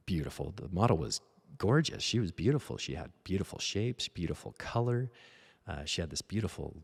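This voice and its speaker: A man's voice: low-pitched, gravelly, darkish tone. A man in his forties, a painter and art teacher, talking casually while he paints, rambling and self-deprecating.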